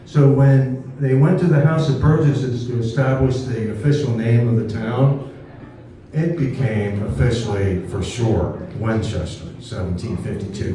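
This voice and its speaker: A man giving an informal, chatty history talk to a live audience, often checking in with "okay?". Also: medium pitch. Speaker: history speaker. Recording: distant, very echoey room.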